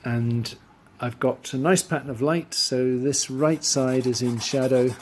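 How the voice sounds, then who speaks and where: A man teaching drawing, talking through his steps as he works and trailing off quietly into asides. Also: medium pitch, fairly even intonation, unhurried, a little hiss or hum. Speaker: art teacher. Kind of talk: drawing tutorial voice-over.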